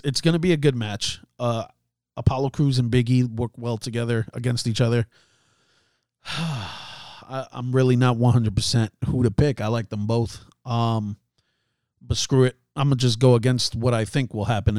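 A man's voice: mid-range voice, darkish tone, no room sound. Chatty man on a dry mic. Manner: chatty, laughs at himself, many fillers and restarts. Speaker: podcast host. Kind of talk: casual solo commentary.

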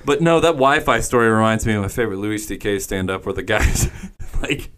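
A man's voice: lowish voice, a little fast, smooth. A man co-hosting a casual podcast, telling crude stories and acting out what people said. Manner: crude, animated storyteller who acts out quotes. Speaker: podcast co-host. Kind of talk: casual chat.

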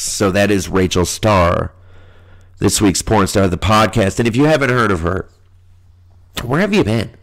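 A man's voice: low-pitched, creaky. A man from the Midwest with a nasal, stuffed-up voice, hosting a solo podcast in a crude, profane, ranting way. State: stuffy nose from allergies. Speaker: podcast host. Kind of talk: casual solo podcast monologue.

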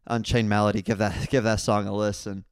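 A young man hosting a casual solo podcast, telling rambling stories full of crude jokes and swearing, and getting louder and higher when he is worked up. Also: flat delivery, brisk, smooth, no room sound, studio quality. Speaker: podcast host.

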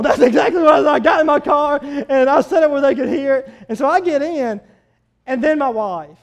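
A man, a pastor telling a story in his sermon, animated and swinging between loud outbursts and quiet asides. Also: very high-pitched, brisk.

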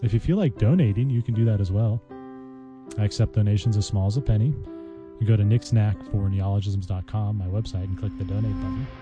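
A man's voice: lowish voice, brisk, music in the background. A man hosting a casual vocabulary podcast, chatting playfully as he walks through word mnemonics. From United States. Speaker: podcast host teaching vocabulary.

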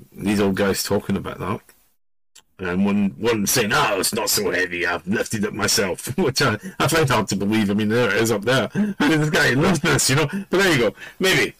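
Low-voiced rambling middle-aged man. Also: fairly bright tone, dry recording, low-quality recording. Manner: rambling and digressive, loses the thread. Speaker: podcast host. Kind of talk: casual spoken storytelling.

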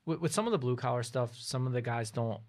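A man's voice: mid-range voice, expressive, fast talker, a little mellow. A man talking as a guest in a casual interview, thoughtful and a little hesitant as he speaks. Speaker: business owner guest.

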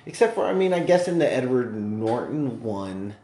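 A man in casual movie chat, talking in an animated, profane, rambling way. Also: mid-range voice, normal speed, reverberant.

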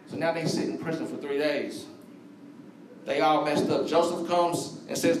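A high-pitched man preaching a sermon, speaking conversationally and slangily and calling out to his congregation. He sounds distant from the mic, and his voice rings around an echoey church hall. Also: a little fast, darkish tone, a little hiss or hum. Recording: echoey room, voice from far off.

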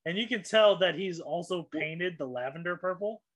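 A man narrating as game master of a tabletop game in a relaxed, deadpan way. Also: high voice, moderate pace.

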